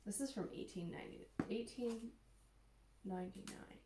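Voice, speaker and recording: A woman's voice: mid-range voice, normal speed, roomy sound, heavy background noise. A woman co-hosting a casual podcast, reading lines from old books and swearing freely as she jokes. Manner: swears freely, bursts into laughter. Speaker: podcast co-host.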